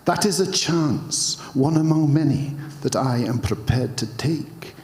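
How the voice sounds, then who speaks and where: A man's voice: a little high, measured pace, a little mellow, in a large hall, natural voice. A man reading out an opinion piece in a wobbly attempted Scottish accent, hammy and pompous. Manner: hammy, breaking into laughter. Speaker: presenter reading a nominee's words.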